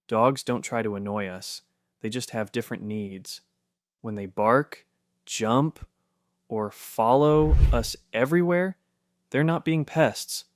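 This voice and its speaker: A man reading a scripted narration in a soft, steady, reassuring way. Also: medium pitch, dry recording, clean studio sound.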